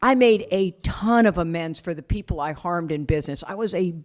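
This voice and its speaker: A woman's voice: on the low side, fairly quick. A middle-aged woman speaking at a recovery retreat, telling her story candidly with self-deprecating humor. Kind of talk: personal recovery talk.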